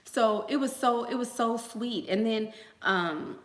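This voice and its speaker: A woman's voice: on the high side, slow pace, roomy sound. A woman hosting a casual livestream, chatting with viewers and telling gossipy stories full of asides and fillers. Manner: chatty, gossipy storyteller who acts out quotes; frequent fillers and trailing asides. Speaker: host.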